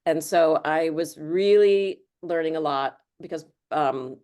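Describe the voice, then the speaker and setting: A middle-aged woman with a notably low voice talks casually as an interview guest. She rambles through her answers, full of ums and restarts, in a loose, conversational way. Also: takes it slowly, warm tone. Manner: chatty, rambling with many fillers. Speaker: author guest.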